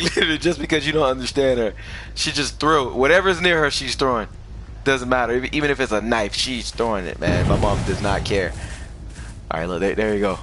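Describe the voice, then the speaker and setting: A man's voice: medium pitch, sharp tone, a little hiss or hum. A young man giving casual, jokey commentary while streaming a video game, laughing often and trash-talking the game. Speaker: gaming streamer.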